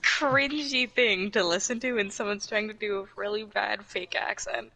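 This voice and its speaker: A woman's voice: mid-range voice, fairly even intonation, normal speed, bright, forceful tone, low-quality recording. A woman co-hosting a podcast, chatting casually and giving tips while playing a game. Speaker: podcast co-host. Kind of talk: casual chat while gaming.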